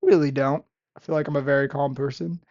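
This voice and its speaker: A woman's voice: low-pitched, fairly even intonation, fast talker, a little mellow, no echo. Exasperated young woman ranting, dull lo-fi sound. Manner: exasperated, sarcastic ranting with repeated phrases. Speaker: restaurant busser. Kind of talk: ranting vlog monologue. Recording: dull, lo-fi and dry.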